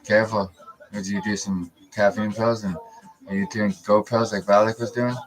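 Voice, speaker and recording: A man's voice: on the low side, flat delivery, normal speed, low-quality recording. A man in his thirties giving a rambling, profane, confrontational monologue on a live stream. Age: 30s.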